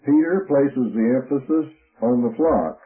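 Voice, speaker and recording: A man's voice: medium pitch, a little slow. A man giving a methodical Bible lesson, working through his points by number and letter in a radio broadcast. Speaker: Bible teacher. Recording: phone-like narrow radio broadcast.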